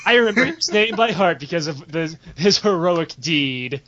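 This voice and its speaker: A man hosting a podcast, telling crude, excitable stories in casual talk and laughing as he goes. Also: on the high side, normal speed, dull audio, slight background noise. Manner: crude, excitable, laughs through his story. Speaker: podcast host. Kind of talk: casual comedic storytelling.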